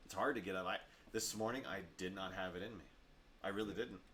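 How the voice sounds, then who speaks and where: Deep-voiced man, earnest podcast co-host. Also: a bit bright, a little hiss or hum. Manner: earnest, quick to agree. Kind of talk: casual podcast chat.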